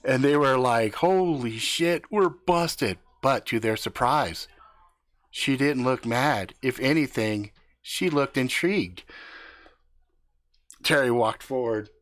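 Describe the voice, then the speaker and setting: A man's voice: medium pitch, slow pace, long pauses, a bit bright. A man improvising a crude story on a live stream, swearing freely, laughing and acting out the characters' lines.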